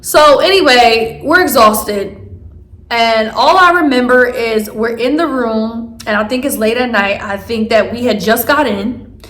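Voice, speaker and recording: A woman vlogger tells a story in a loose, rambling way, leaning on fillers and restarting her sentences. Her voice sits a little high. The recording carries the echo of the room around her. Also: measured pace, a bit bright. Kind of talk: casual storytelling.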